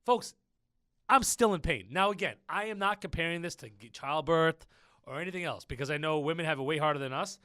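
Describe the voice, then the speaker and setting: A man hosting a business podcast, chatty and animated, telling stories straight to his listeners. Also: a little high, a little fast, clear, resonant tone, no echo, studio quality. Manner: chatty, storytelling, addresses listeners as folks. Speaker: podcast host. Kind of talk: casual business podcast chat.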